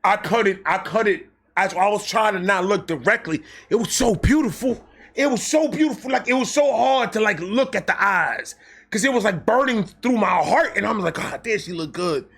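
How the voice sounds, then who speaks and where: A young man telling a casual, comedic story, animated, acting out quotes with slang and swearing. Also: high-pitched, moderate pace, husky. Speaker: storyteller host.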